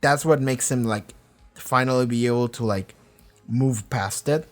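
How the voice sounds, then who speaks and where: A young man who isn't a native English speaker hosts a reaction video, talking through a TV episode in a loose, animated style, swearing freely and acting out characters' lines. His pitch is mid-range and his pace measured, with faint music underneath.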